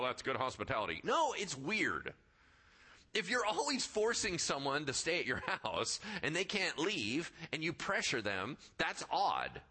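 A man preaching a sermon in a conversational, animated way, acting out the people in the story. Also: fairly high pitch, slightly rough. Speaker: pastor.

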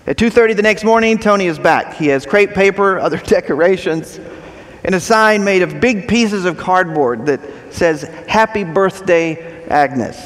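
High-voiced preacher in a reverberant hall. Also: male voice. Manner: animated, dramatic storyteller. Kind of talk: sermon storytelling.

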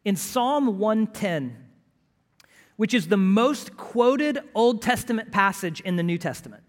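A pastor preaching a sermon to his congregation, emphatic and rising to loud, pleading bursts. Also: high-pitched, animated, measured pace, in a large hall.

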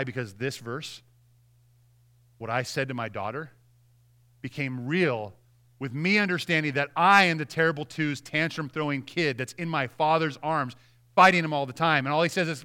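A man's voice: on the high side, normal speed, bright, forceful tone. A man in his thirties preaching a sermon as pastor, earnest and conversational with frequent restarts.

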